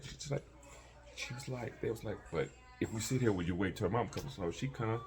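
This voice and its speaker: A man casually telling a personal story, animated and acting out the voices of people he quotes. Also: lowish voice, fast, vocal fry.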